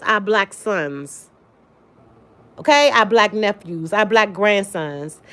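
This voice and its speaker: A woman's voice: a little high, fairly bright tone. A woman hosting a casual livestream, talking emphatically to her viewers by name and repeating her points. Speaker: livestream host. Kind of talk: casual livestream chat reading comments.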